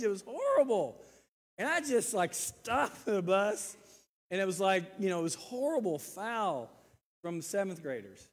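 A man in his sixties preaching a sermon, earnest and repeating words, swinging between loud emphasis and quiet asides. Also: sits high, animated, moderate pace. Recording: reverberant church hall.

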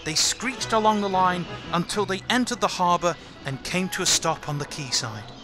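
A man narrating a children's train story in a lively storytelling way, doing every character himself. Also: sits high, moderate pace. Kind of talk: storybook narration of a fan-made train tale. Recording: music playing under the voice.

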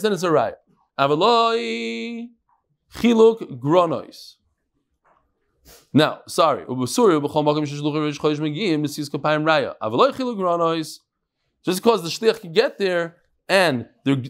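A man giving a live Talmud lecture to a study hall, lively and joking, freely mixing in Hebrew and Aramaic terms. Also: fairly high pitch. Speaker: Talmud class teacher.

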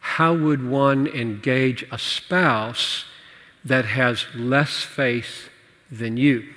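A man preaching and answering questions in a church teaching session, animated and playful, laughing at his own jokes. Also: medium pitch, very slow. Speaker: pastor. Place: church hall. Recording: church hall reverb.

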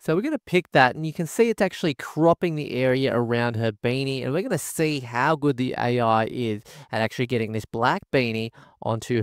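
A man's voice: medium pitch, clear, resonant tone, no echo, clean studio sound. A man giving an enthusiastic product walkthrough as a tech reviewer, packing nearly every sentence with "guys" and "folks". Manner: enthusiastic, says "guys" constantly. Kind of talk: screen-recorded product walkthrough.

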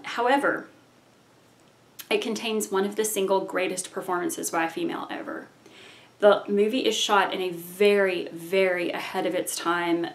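A woman vlogger earnestly recommending foreign films in a casual talk to camera, with frequent ums and restarts. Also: mid-range voice. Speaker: film vlogger.

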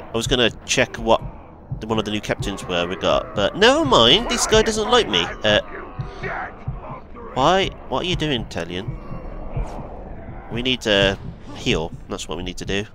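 A man giving chatty let's play commentary, excitable, yelping and making asides as he plays. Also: lowish voice. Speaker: gaming video host.

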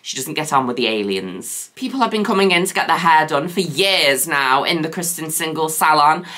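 Woman host for a gameplay vlog: camp, theatrical, bright voice that swoops all over. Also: expressive, normal speed. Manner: theatrical and camp, with playful catchphrases; swoops between high squeals and low drawls. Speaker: gaming video host. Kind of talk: casual gameplay commentary.

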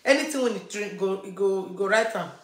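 A woman's voice: medium pitch, brisk. A woman with a Nigerian Pidgin accent telling a family story, repeating lines for emphasis. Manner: repetitive, emphatic retelling. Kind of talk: personal storytelling. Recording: echoey room.

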